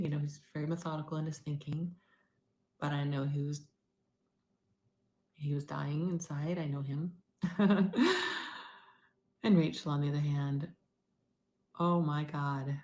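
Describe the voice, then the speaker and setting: Low-voiced middle-aged woman, candid diary. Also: steady tone, measured pace, long pauses. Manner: candid, rambling, swings between loud and near-whispered. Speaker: vlogger. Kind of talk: personal video diary.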